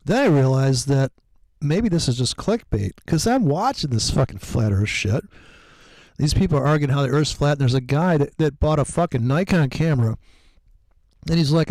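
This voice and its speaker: A man's voice: on the high side, animated, moderate pace, a little mellow, dry recording. A man talking casually and profanely, telling rambling stories in a loose chat.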